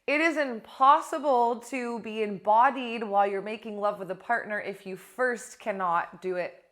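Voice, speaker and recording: Blunt, animated woman coach. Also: medium pitch, moderate pace. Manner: animated, blunt, swears casually. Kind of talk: casual direct-to-camera talk.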